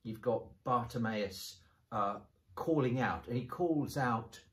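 Male bishop, conversational teaching voice, mid pitch, restarts often, recorded in an echoey room. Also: animated, slow pace. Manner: thoughtful, explains step by step with frequent restarts. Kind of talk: conversational bible discussion. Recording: roomy echo.

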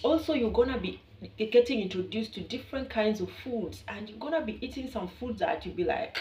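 Brisk and mid-range in pitch, a female vlogger from Kenya talks animatedly and playfully to her viewers in a Kenyan accent, laughing a lot during this casual to-camera chat. There's slight background noise, with the echo of the room and a mic placed far away.

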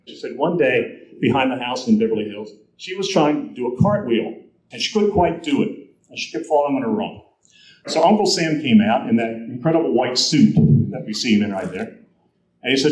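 Storytelling male presenter, lively quotes, roomy hall sound, audience recording. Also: mid-range voice, normal speed. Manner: animated storyteller, acts out quotes. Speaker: guest speaker. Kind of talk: convention presentation, anecdotal storytelling. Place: convention hall. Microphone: handheld recorder in audience.

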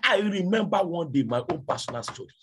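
A male preacher delivering a sermon, repeating rhetorical questions with a raspy voice. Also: high-pitched, lively intonation, a little fast, fairly bright tone.

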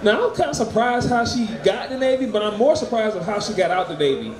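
A man doing stand-up at an open mic, loud and crude, laughing at his own jokes. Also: high voice, animated, quick pace. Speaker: stand-up comic. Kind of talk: stand-up set. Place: small open mic venue. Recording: echoey room with crowd.

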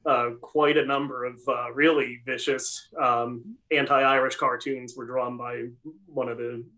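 A man working as a historic site assistant who joins a video-call panel conversation, speaking hesitantly with many pauses and filler sounds. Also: mid-range voice, flat delivery, sharp tone, low-quality recording.

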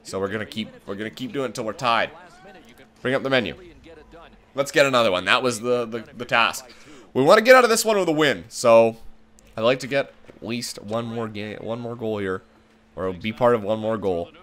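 A man's voice: medium pitch, a little fast, a bit bright. A man commenting on his own hockey video game play, calling the action like a broadcaster and swearing when it goes wrong. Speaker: gaming channel host.

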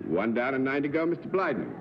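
A man's voice: medium pitch, very animated, fast. A man hosting a live 1960s television panel game show, genial and chatty, laughing easily with his guests. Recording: dull 1960s TV broadcast audio with faint hiss.

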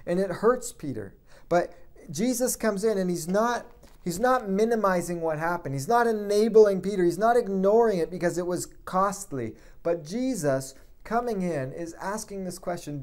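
A man's voice: high voice, normal speed, darkish tone. A male pastor preaching a sermon in a conversational way, full of restarts and asides, who drops his voice to quote the figures in the story.

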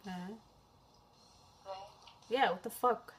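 A woman's voice: mid-range voice, fairly even intonation, a little fast, vocal fry, husky. A young woman talking casually as she reacts to a music video, chatty and exclamatory, swearing freely. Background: faint music video playing.

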